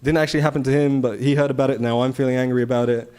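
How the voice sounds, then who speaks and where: A man giving a conversational scripture class at a temple, telling the story with rhetorical questions and animated asides. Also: mid-range voice, racing, clean tone. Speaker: temple speaker. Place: temple hall.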